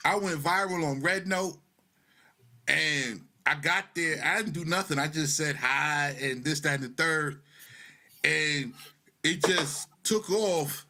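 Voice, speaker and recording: A podcast host, a man with an Arabic accent, speaks in a high, bright voice. He tells his stories with animation and laughs often in casual chat. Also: slow. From Arab world.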